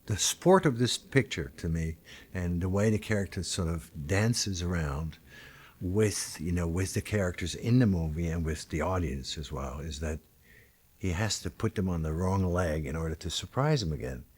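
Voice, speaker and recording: A man's voice: low-pitched, normal speed, a little mellow, slightly rough. A man, an actor, musing on his character while searching for words. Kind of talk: reflective commentary.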